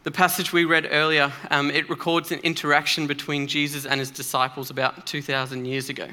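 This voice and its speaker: Bright-voiced man preaching a sermon. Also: a little high, level tone, brisk. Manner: earnest, emphatic, conversational with fillers. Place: church.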